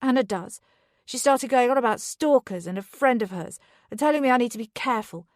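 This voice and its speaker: Brief: narrator puts on a tipsy, defensive wife, raised and sharp, close dry read. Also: female voice, on the high side, animated, normal speed, dry recording, lightly acted. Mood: drunk, angry. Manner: heated, slurred and defensive. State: drunk.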